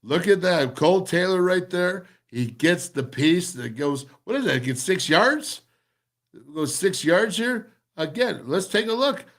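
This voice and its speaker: A man hosting a football show, breaking down game film with excited, emphatic commentary and lots of repeated phrases. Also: sits high, measured pace. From former offensive lineman.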